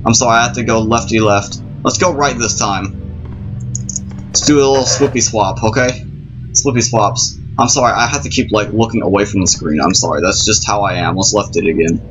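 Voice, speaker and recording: A lowish male voice rambles nervously through a horror let's-play, apologizing again and again. The recording is dull and lo-fi. Game music runs clearly underneath. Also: fairly quick. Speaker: gamer playing a horror game. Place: at home at night.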